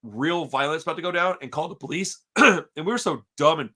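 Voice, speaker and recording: A man's voice: a little high, fairly quick. A man hosting a podcast, telling a story in casual, profane chat and calling everyone "dude". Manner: animated, profane, says "dude" constantly. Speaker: podcast host.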